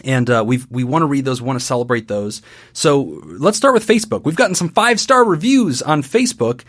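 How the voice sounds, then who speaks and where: A man's voice: mid-range voice, brisk. A middle-aged man who hosts a counseling podcast, chatting casually, joking and reading out listener reviews. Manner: animated, jokey, reads listener reviews.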